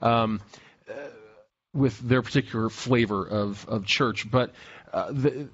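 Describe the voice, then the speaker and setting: A man's voice: medium pitch, slow, fairly bright tone, breathy edge. A man from Nebraska co-hosting a podcast, explaining things hesitantly with many fillers and restarts. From Lincoln, Nebraska. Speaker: podcast co-host. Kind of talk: casual podcast discussion. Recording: dull lo-fi sound.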